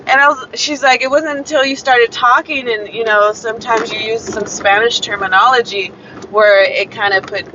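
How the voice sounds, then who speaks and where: A young Chicana woman chats casually on a live stream, telling a story packed with fillers and quoted dialogue. Her voice sits a little high, with a steady tone, moderate pace, and a bright, forceful quality. The lo-fi recording sounds slightly dull, with faint background noise.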